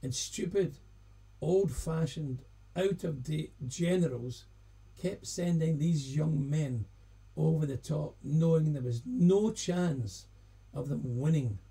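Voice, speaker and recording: A Scottish singer-songwriter chatting casually on a live stream between songs, rambling and self-deprecating. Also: male voice, on the high side, slow pace, vocal fry, warm tone, breathy edge. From Scotland.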